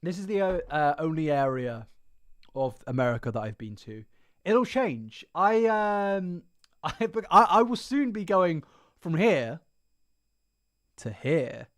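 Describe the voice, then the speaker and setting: A man's voice: on the high side, sing-song, slow pace, dry recording, clean studio sound. A man chatting casually on his livestream, rambling, swearing freely and mocking himself. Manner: rambling, profane, self-mocking.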